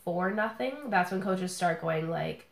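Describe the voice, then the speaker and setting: A woman's voice: lowish voice, unhurried, creaky. Brief: young woman from Canada, chatty and rambling, filler-heavy, roomy echo. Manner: rambling, many fillers, laughs easily. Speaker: podcast panelist. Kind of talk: casual chat.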